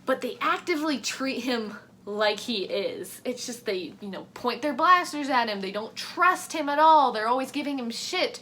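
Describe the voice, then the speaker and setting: A woman vents in a casual reaction commentary, exasperated and cursing freely. Her voice sits a little high and sounds bright and forceful, and she mimics quoted lines mockingly. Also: animated, moderate pace, slight background noise. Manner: exasperated ranting with frequent swearing. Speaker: reaction vlogger.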